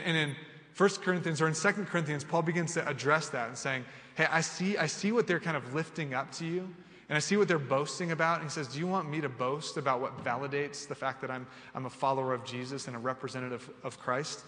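A man preaching a sermon with animated delivery, acting out imagined dialogue and building to emphatic, rising lists. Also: a little high, moderate pace, big-room sound. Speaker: pastor.

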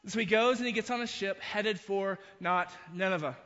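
A man's voice: high-pitched, normal speed, sharp tone, in a large hall, dull audio. A man preaching a sermon, retelling a story with frequent restarts and asides. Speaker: pastor.

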